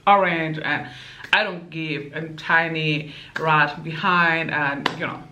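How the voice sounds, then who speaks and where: A woman's voice: sits low, steady tone, takes it slowly, background noise. A woman vlogger ranting in a sassy, emphatic way, peppering her talk with "okay" and "like". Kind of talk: casual opinion rant.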